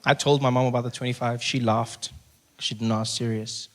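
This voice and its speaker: A male stand-up comedian, telling animated stories and acting out voices. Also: mid-range voice, fairly quick, slight background noise. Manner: animated, acts out characters, shouts at punchlines. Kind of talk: stand-up storytelling. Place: live comedy venue with audience.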